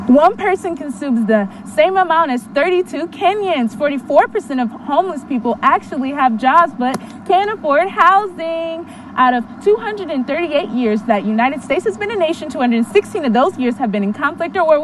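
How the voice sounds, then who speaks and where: A woman performing an impassioned spoken word poem, with rhythmic delivery and repeated refrains. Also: high voice. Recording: distant mic with faint background noise.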